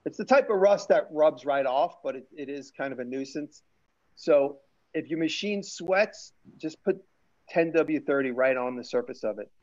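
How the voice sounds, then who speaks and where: A man's voice: a little high, animated, moderate pace, a little mellow. A man hosting a casual live-stream chat, rambling with frequent restarts and fillers. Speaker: show host and maker. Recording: lo-fi stream audio.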